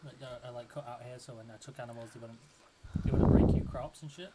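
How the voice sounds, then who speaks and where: A man's voice: mid-range voice, steady tone, quick pace, heavy background noise. A man chatting casually while gaming, mumbling hesitantly and often laughing. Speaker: YouTube gamer. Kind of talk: casual gameplay chat.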